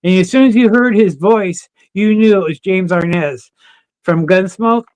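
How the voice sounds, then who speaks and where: A man's voice: high voice, unhurried, smooth, no room sound. A man as a podcast guest, telling casual stories full of swearing and laughter. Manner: swears freely, animated anecdotes with laughter. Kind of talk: casual chat, storytelling.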